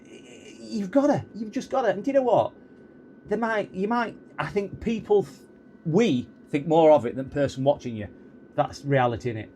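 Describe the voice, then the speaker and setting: A man's voice: a little high, normal speed, mellow, slightly rough. A man who streams himself repairing electronics, chatting casually and rambling off on tangents while he solders. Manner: rambling, chatty, easily sidetracked.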